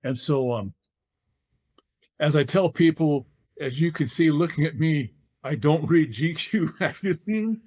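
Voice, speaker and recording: A man's voice: fairly high pitch, lively intonation, measured pace, darkish tone. An older man from California, a former football player, telling his story as a podcast guest and acting out the dialogue he quotes.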